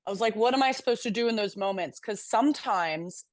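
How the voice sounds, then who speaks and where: A woman's voice: medium pitch, fairly quick, no room sound. A young woman co-hosting a podcast, talking candidly and reflectively in casual chat, with casual swearing. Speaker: podcast co-host.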